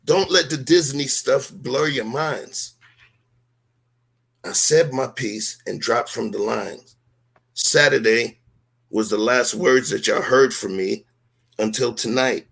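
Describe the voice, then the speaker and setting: Man, husky gravelly voice, emphatic and rhetorical, heated stream talk. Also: medium pitch, takes it slowly, long pauses, a bit bright. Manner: emphatic, rhetorical, street slang. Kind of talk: heated live-stream discussion.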